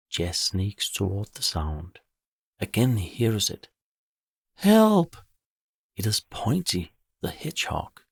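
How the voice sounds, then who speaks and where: A man calmly narrating a bedtime story for children in a measured way. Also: sits low, vocal fry, slightly rough, dry recording, clean studio sound.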